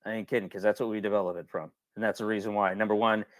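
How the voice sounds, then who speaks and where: Casting note: rambling, colloquial webinar host, a man with a lowish voice, close and dry on a computer mic. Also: little pitch movement, racing, no room sound. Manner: rambling, colloquial, repeats himself when worked up. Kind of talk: casual webinar talk.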